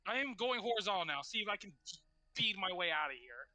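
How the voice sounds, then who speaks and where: A man playing a tabletop game, announcing his character's actions in quick, wry remarks. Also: sits high, animated, pushed and bright, no room sound. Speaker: player. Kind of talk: casual tabletop play.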